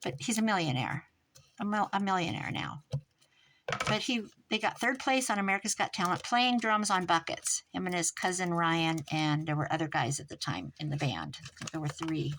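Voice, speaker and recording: A woman's voice: fairly low pitch, normal speed, slight background noise, poor audio. Middle-aged woman rambling through a story. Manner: rambling, animated retelling with restarts and quoted dialogue. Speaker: crafting vlogger. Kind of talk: casual storytelling chat.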